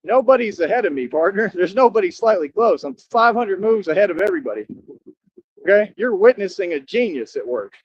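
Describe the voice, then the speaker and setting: A man giving a rambling, boastful livestream monologue outdoors near a highway, scolding his viewers and repeating himself. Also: big pitch swings, fairly quick, husky, dry recording, highs cut off. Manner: talks straight to his viewers, scolding them.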